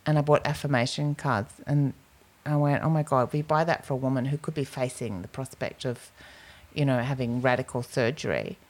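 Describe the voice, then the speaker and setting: Speaking a little fast in a very deep voice, a woman co-hosts a laid-back podcast. Her chat is full of stories, with quoted lines performed aloud.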